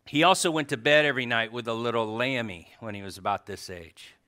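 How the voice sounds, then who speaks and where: A man with a bright, crisp, resonant voice gives a heartfelt tribute to a congregation. He tells stories in a lively way, with loud animated bursts and soft, quiet asides. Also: medium pitch, a little fast.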